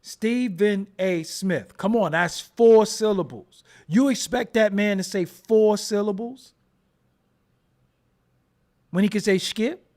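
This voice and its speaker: A man's voice: high-pitched, slow pace, long pauses, darkish tone. A man hosting a casual commentary show, joking and riffing in slangy with frequent laughs. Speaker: host.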